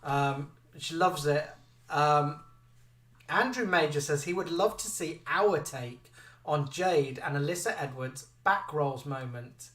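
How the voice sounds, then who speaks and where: A man co-hosting a live chat show, reading out viewer comments in an animated way. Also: a little high, takes it slowly, distant mic. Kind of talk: casual live-stream chat. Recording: echoey room, away from the mic.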